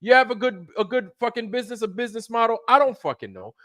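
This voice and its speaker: Channel host, heated and profane, higher-pitched male voice, dry close-mic sound. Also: sing-song, quick pace, fairly bright tone, dry recording. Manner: heated, profane, repeats himself. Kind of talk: angry livestream rant.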